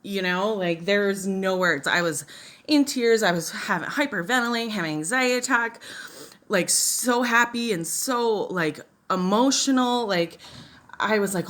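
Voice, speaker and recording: Working through a makeup tutorial, this woman, a beauty vlogger and mom, shares a personal story in a rambling, casual way full of "like" and "you know." She speaks in a mid-range voice at a moderate pace, sounding a bit bright.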